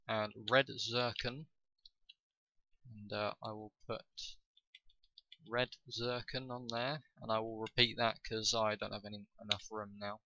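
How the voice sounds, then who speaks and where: A man talks through a strategy game as he plays, thinking aloud and pausing often on fillers. His voice sits a little low and has a bright, sharp edge, and he speaks slowly. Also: little pitch movement, a little hiss or hum, poor audio. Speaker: gaming video host. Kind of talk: casual gameplay commentary.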